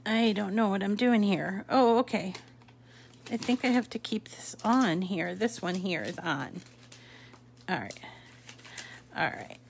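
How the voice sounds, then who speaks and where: Slow-talking Boston woman demonstrating a craft. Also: mid-range voice, vocal fry, a little hiss or hum. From Boston area. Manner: chatty, many fillers and self-corrections while working. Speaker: craft tutorial host. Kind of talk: casual demonstration with rambling asides.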